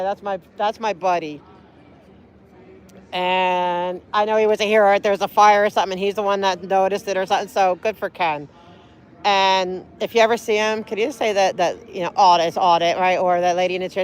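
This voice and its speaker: A woman livestreaming outdoors on a city street, talking in an earnest, pleading, rambling way. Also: medium pitch. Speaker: livestreaming auditor.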